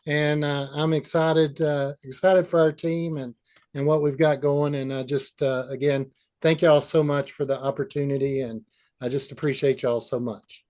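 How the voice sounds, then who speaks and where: Man, middle-aged, humble, halting, video call, higher-pitched. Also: flat delivery, darkish tone. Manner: humble, halting with many fillers. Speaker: new team instructor. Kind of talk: casual acceptance remarks.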